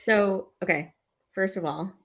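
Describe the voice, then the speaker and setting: A woman's voice: mid-range voice, a little slow, breathy edge. A woman co-hosting a casual panel discussion, chatty and filled with "like". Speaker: podcast co-host.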